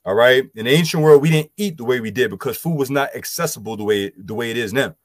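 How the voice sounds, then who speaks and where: A man's voice: mid-range voice, animated, quick pace, no echo. A man, loosely explaining scripture and health to a group with lots of "you know" fillers. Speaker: group discussion speaker. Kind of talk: casual scripture teaching.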